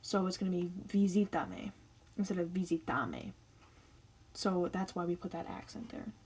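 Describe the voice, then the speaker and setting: A woman's voice: fairly low pitch, level tone, quick pace, darkish tone, husky, poor audio. A young woman teaching Spanish grammar in a casual, chatty explainer style, walking through each step.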